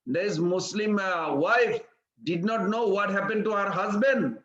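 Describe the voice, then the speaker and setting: A man's voice: measured pace, fairly bright tone. A man giving a storytelling sermon in simple, broken English. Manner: simple broken English, acts out quoted voices in a higher pitch. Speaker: preacher. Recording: echoey room, slightly dull sound.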